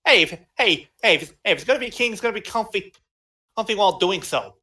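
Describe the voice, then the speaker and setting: A man co-hosting a podcast over an online voice call, recapping episodes in a casual, excitable way with frequent restarts. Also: sits high, fast talker. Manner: excitable, restarts sentences, exasperated outbursts. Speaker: podcast co-host.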